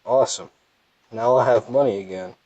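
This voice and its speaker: A man's voice: mid-range voice, moderate pace, darkish tone, dry recording, lo-fi sound. A young man with a thick Southern US accent, rambling and self-deprecating as he comments casually on his gameplay. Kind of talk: casual let's play commentary.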